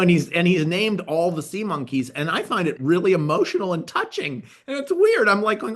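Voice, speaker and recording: A man's voice: high-pitched, big pitch swings, brisk, hardly any pauses, fairly bright tone. A man, a TV writer and producer, reminiscing in casual chat, rambling with many restarts and fillers.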